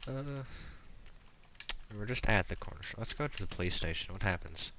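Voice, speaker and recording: A man playing a visual novel, reading the game text in a dry, deadpan way and commenting. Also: sits low, fast. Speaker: game streamer. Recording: dull lo-fi mic with faint hiss.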